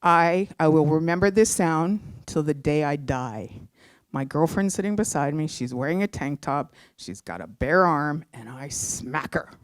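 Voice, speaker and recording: A middle-aged woman from Canada telling a personal story live on stage, heartfelt and animated, acting out the voices she quotes. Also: sits low, a little slow, no echo, clean studio sound. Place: theatre stage.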